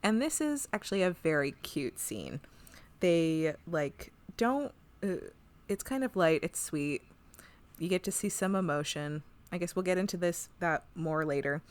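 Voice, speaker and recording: A woman co-hosting a casual podcast, talking through an episode in a loose, rambling way. Her pitch swoops widely, and she laughs and swears often. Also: lively intonation, measured pace. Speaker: podcast co-host. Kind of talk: casual chat recapping an episode.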